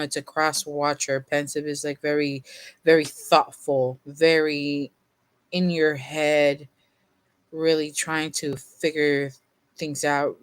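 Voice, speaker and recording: A tarot reader with a medium-pitched voice gives a relaxed reading to camera, yawning and sleepy. They ramble, using fillers and little laughs, and at times read card meanings from a guidebook. The recording is dry.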